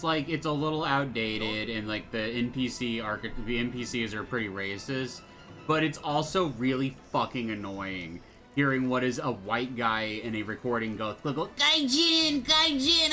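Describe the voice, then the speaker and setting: A young man talks through a video game in a loose, rambling way, dropping sarcastic asides and casual swearing. His voice sits at an ordinary middle pitch. Faint game music plays underneath. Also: fairly bright tone. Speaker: let's play gamer. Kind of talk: casual gameplay commentary.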